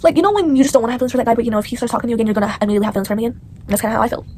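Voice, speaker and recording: A woman's voice: fairly high pitch, racing, mellow, slight background noise. A young female vlogger telling a storytime to the camera in a rambling, indignant way, with many fillers.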